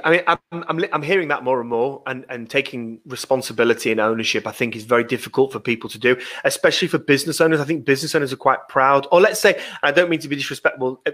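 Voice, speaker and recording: A man at a mid pitch who hosts a casual business podcast. He talks in a hesitant, stop-start way, repeating words as he gathers his thoughts. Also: fairly bright tone. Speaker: podcast host, business owner. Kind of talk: casual interview chat.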